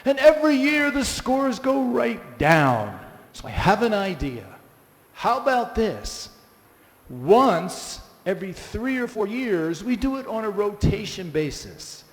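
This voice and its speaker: Animated man in a reverberant hall. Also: high voice, slow pace. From United States. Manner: animated storyteller, exclamatory asides to the audience. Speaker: class speaker. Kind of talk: lively scripture class talk. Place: temple hall with a live audience.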